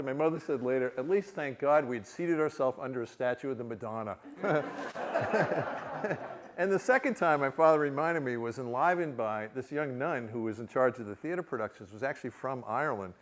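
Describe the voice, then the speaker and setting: A man's voice: on the high side, noisy background. A man, an author giving a reading, telling humorous stories to a live audience, laughing often and joking with the crowd. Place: university reading before an audience.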